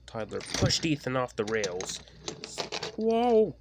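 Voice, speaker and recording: A man narrating a homemade fan story in a halting, casual way. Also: on the low side, noisy background. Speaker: narrator and voice actor.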